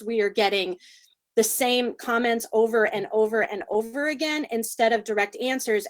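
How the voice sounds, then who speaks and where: Emotional mom at a public meeting, Chicago accent, higher voice, forceful and repetitive. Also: female voice. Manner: impassioned, emphatic, repeats herself. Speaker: parent. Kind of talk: public comment at a school council meeting.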